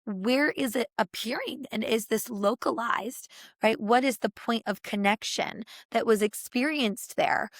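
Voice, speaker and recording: A woman who is a podcast guest, explaining ideas in an animated, expressive conversational way. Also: on the high side, no room sound, studio quality. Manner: animated and expressive, with gasps and laughs.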